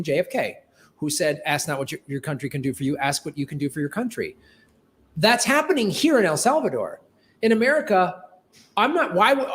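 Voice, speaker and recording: A man's voice: high-pitched, fairly bright tone. A man who is a comedian hosting a casual live-stream chat, earnest and rambling, often cutting himself off mid-sentence. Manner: earnest, rambling, self-interrupting. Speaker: comedian and show host.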